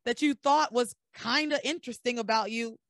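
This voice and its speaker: Animated woman podcast host. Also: a little high, normal speed, no room sound, clean studio sound. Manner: animated, blunt, swears and laughs. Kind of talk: casual recap chat.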